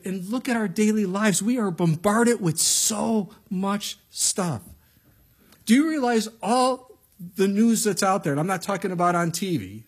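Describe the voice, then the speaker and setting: A middle-aged male pastor preaching a sermon in a conversational way, acting out quotes with lively voices. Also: sits high, husky.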